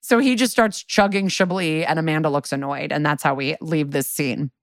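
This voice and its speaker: A woman's voice: sits low, moderate pace, no echo, studio quality. A woman co-hosting a podcast, casually recapping a TV episode in a chatty way, laughing often, swearing, and quoting characters in her own voice. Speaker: podcast co-host.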